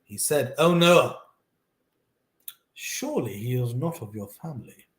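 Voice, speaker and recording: A man reading scripture aloud and commenting on it in an earnest, animated way, talking straight to the listener. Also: medium pitch, moderate pace, roomy sound. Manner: earnest, animated, talks to the listener directly, repeats himself.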